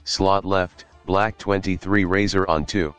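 A man voicing an AI football coach who barks plays and speeches in a flat monotone. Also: deep voice, a little slow, smooth, soft background music. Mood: flat commands.

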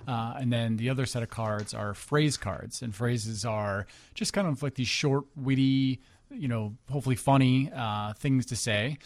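An easygoing man who founded a company speaks as a talk-show guest, explaining things in a plain, relaxed way. His voice has a mid-range pitch, and the recording is close and dry. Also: moderate pace, no room sound.

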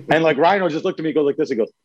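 A man's voice: a little high, fast, slightly rough, no room sound, lo-fi sound. A man on a podcast telling a story in casual chat, laughing along. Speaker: podcast co-host.

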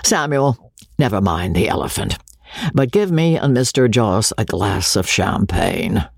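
A man voicing a jovial, teasing older gentleman who mocks his son, in a breathy, lifted voice. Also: fairly low pitch, animated, measured pace, no room sound, clean studio sound, heavily acted. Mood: wry. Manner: mocking, bantering.

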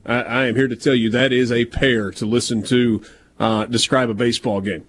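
A man's voice: mid-range voice, flat delivery, normal speed, a little hiss or hum. A man with a Southern American accent hosting sports talk radio, chatty, teasing and prone to digressions. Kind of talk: casual sports radio banter.

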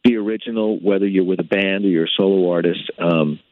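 A man's voice: low-pitched, steady tone, fairly quick, no echo. Man on a tinny phone line. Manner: thoughtful, with many fillers. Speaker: guitarist guest. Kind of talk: interview over phone line.

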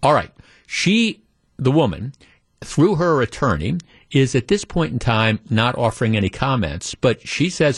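A man's voice: medium pitch, very animated, unhurried, slightly rough, no echo, clean studio sound. A man hosting a talk radio show, telling a story with animation and acting out the quotes.

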